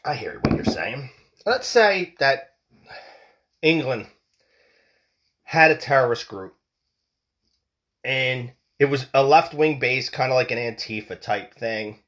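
A man rants alone on his podcast, cursing freely and tripping over repeated words as he presses his points. His voice swings widely in pitch, leaping high for emphasis and dropping low again. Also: expressive, slow, pauses often, a bit bright. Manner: profane, heated, repeats words and stumbles. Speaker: podcast host. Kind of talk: solo podcast rant.

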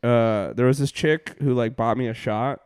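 A man's voice: mid-range voice, fairly even intonation, normal speed, darkish tone, clear, resonant tone, no echo, studio quality. A young man, a comedian hosting a podcast, telling tour stories in casual chat, rambling with lots of fillers, laughs and swearing.

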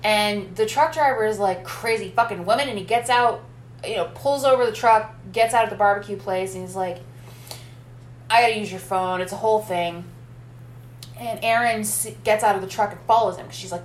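A woman's voice: mid-range voice, reverberant, a little hiss or hum. A woman in casual film discussion, chatty, recapping the plot in detail with little sidebars.

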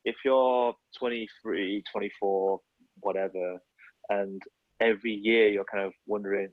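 A man's voice: lowish voice, fairly even intonation, moderate pace, no room sound, phone-quality sound. A man in his thirties, an illustrator, chatting casually in a podcast and rambling with many fillers and self-corrections. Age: 30s.

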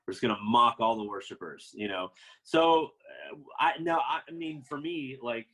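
A man's voice: mid-range voice, moderate pace, a bit bright, low-quality recording. A man telling his personal faith testimony in a casual, rambling way, full of fillers and restarts, laughing now and then at himself.

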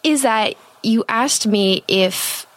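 A woman's voice: fairly high pitch, slow pace, dry recording. A young adult woman hosting a podcast, chatting candidly and giggling often. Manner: giggly, chatty, frequent laughs. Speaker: podcast host. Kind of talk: candid casual chat.

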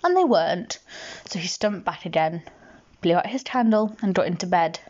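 A woman reading a bedtime storybook aloud to a child, gently, with chatty asides to the listener. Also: on the low side, lively intonation, normal speed, highs cut off.

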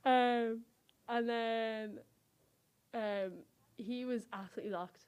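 A woman's voice: medium pitch, a little fast. A young woman, co-hosting a podcast and telling a dating story in casual chat, laughing often. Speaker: podcast co-host.

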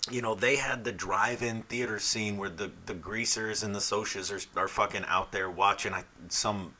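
Bright-voiced, foul-mouthed joking man. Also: fairly low pitch, steady tone, moderate pace. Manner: profane, joking storyteller. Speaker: podcast co-host. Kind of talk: casual chat.

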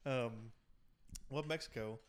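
A man's voice: medium pitch, takes it slowly, clear, resonant tone. Brief: male podcast co-host, mid-range voice, loose and rambling, full of fillers, casual cursing. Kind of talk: casual chat.

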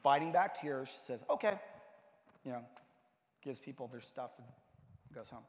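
A man's voice: mid-range voice, moderate pace, a little mellow. Man preaching in a reverberant church. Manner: storytelling, rising to emphatic preaching. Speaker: pastor. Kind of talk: sermon. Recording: long hall reverb.

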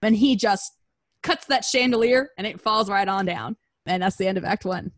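A woman's voice: mid-range voice, moderate pace, fairly bright tone, no room sound. Casual, slangy woman retelling a story. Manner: slangy, playful, acts out characters in modern voices. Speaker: storyteller recapping a musical.

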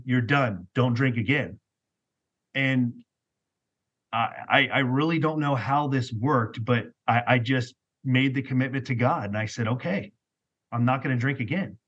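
Husky-voiced man telling his story. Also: mid-range voice, fairly bright tone, dull audio. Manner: candid, repeats words when telling his story. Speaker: podcast guest. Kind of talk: casual storytelling.

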